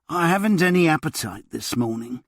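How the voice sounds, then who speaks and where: A man's voice: a little high, lively intonation, a little fast, fairly bright tone, no echo, voice pushed up. Man doing a kindly older surgeon, raised voice. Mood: gentle. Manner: kindly, coaxing. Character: older genteel male retired surgeon.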